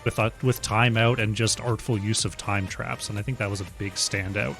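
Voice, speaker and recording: A man casting an esports match play-by-play in a measured way, with his voice often dropping quietly at the ends of his phrases. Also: fairly low pitch, steady tone, gravelly, soft background music. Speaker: esports caster.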